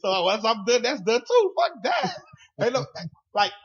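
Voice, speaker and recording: A man with a Southern US accent co-hosts a casual podcast, rambling through stories bluntly and with plenty of profanity. His very high voice swoops wildly in pitch at an unhurried pace, heard over a noisy crowd in dull lo-fi audio.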